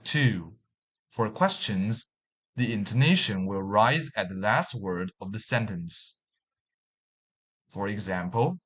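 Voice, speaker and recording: Male language instructor, scripted lesson narration; slow, measured delivery, slightly husky tone. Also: on the low side, expressive, a bit bright. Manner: slow, deliberate, reading out example words and sentences. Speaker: language teacher.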